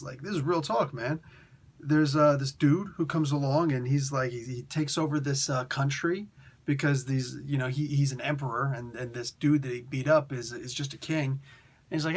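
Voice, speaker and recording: A man's voice: medium pitch, steady tone, moderate pace. A man casually reviewing a comic book in a laid-back, slangy, rambling way.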